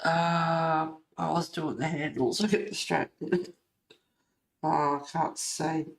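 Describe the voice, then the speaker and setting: Slow-talking woman, chatty livestream host. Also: sits low, little pitch movement, vocal fry, recorded from a distance. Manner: chatty, answering viewers warmly. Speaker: livestream host of a colouring club. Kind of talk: casual chat with a live chat. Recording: roomy echo.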